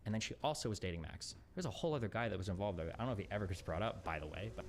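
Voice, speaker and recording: Fast-talking aggrieved man on stream. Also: deep voice, expressive, slight background noise. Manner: rapid, aggrieved retelling full of fillers. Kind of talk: casual stream talk.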